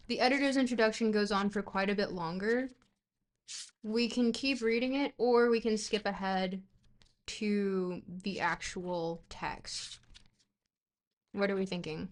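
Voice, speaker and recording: Woman streamer, casual livestream book reading, rambling and playful, mid-pitched. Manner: rambling and playful, with frequent fillers and self-corrections. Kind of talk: reading a book aloud on a livestream, chatting between passages.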